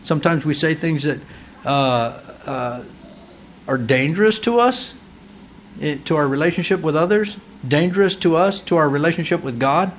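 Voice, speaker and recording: With slight noise in the background, a pastor preaches in a somewhat high, animated voice at normal speed. He voices children and parents when quoting them, throws out rhetorical questions, and rises to forceful climaxes.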